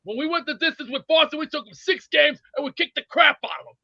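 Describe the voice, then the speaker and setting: A man playing a cranky, blustery older male sports fan who rambles and rants excitably. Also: extremely high pitch, fast talker, creaky, no echo, full character voice. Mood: ranting. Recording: dull dry lo-fi sound.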